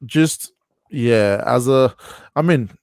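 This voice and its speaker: A man on a video call giving casual football analysis in a measured way, with many ums. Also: medium pitch, darkish tone, no echo, studio quality. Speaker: panelist.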